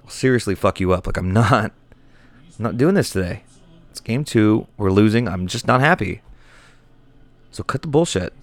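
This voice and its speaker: Exasperated, ranting man with a low voice. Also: expressive, normal speed, long pauses, no room sound. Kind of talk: improvised comedy rant.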